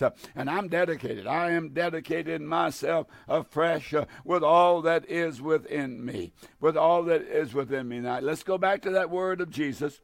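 A man preaching a fiery broadcast sermon, hammering phrases over and over and stumbling through fillers. His voice sits a touch high and carries a gravelly fry. The sound is close and dry. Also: normal speed, few pauses, no room sound. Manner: fervent, repetitive exhortation with many fillers.

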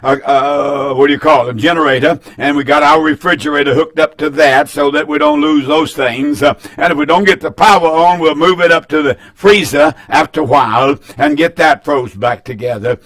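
Emphatic pastor, folksy and repetitive. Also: male voice, fairly high pitch, moderate pace, few pauses, a bit bright. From North Carolina, US. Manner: folksy, emphatic, repeats phrases. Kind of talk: broadcast sermon with call-in announcements.

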